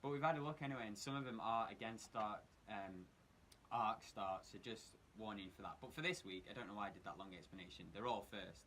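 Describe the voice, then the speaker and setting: A man's voice: lowish voice, brisk, a bit bright, a little hiss or hum. A man co-hosting a radio show about comics, rambling in casual chat, correcting himself and laughing often. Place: radio studio.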